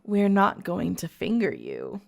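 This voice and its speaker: A woman doing a scheming villainess, low and coaxing. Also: wildly swooping pitch, measured pace, vocal fry, exaggerated voice.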